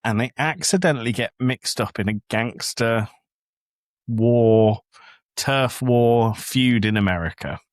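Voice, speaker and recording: Slow and medium-pitched, this man's voice comes through clean studio audio without echo. He's an English podcast host and father of a young child who tells stories conversationally, animatedly acting out whatever he quotes.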